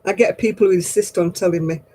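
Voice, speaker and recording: A woman's voice: on the low side, fairly even intonation, fast talker, warm tone, husky, low-quality recording. A woman hosting a livestream craft night, who chats casually, tells stories and laughs at herself often. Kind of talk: casual chat.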